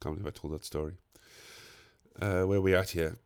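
A man's voice: sits low, fairly even intonation, a little fast, a little mellow, clear, resonant tone. Young man telling a sweary anecdote. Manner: rambling, swears a lot, self-mocking. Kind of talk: casual comic anecdote.

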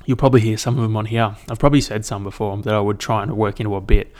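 A man's voice: fairly low pitch, level tone, racing, a little mellow. A young man, rambling and swearing casually as he hosts a solo podcast. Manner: rambling, sweary, self-deprecating. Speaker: podcast host.

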